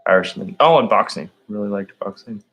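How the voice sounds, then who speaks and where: Rambling man with a low voice. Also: lively intonation, brisk, a bit bright, highs cut off. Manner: meandering, stream-of-consciousness, heavy on "like" and "um". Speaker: vlogger. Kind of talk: rambling solo monologue.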